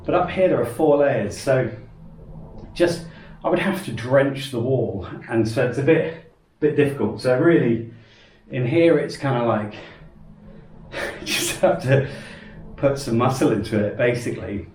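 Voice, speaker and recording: A man's voice: medium pitch, animated, measured pace, darkish tone, a little hiss or hum. Chatty man in an echoey room. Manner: chatty, rambling, self-deprecating. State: out of breath. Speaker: vlogger renovating his house. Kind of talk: casual home vlog. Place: house under renovation, indoors.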